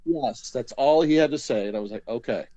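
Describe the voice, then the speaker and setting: A man's voice: mid-range voice, fairly quick, dull audio, a crowd in the background. A man casually telling a long story as an interview guest, rambling with many fillers and acting out quotes.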